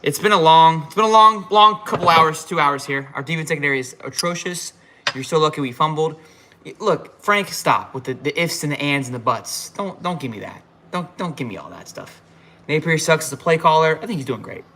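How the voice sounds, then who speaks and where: A man's voice: a little high, lively intonation, brisk, sharp tone. A tipsy man hosting a live halftime reaction stream, fired up and rambling with frequent restarts. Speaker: fan livestream host.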